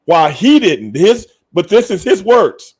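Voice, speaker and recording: A man's voice: sits high, sing-song, unhurried, darkish tone, breathy edge. A man co-hosting a podcast, arguing his point emphatically with a lot of swearing and repetition. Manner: emphatic, profane, repeats points. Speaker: podcast co-host. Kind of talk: casual podcast debate.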